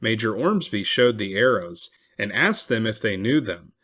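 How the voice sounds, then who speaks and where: A man reading a historical memoir aloud, expressive and raising his voice for cried-out quotes. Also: lowish voice, moderate pace. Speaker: reader.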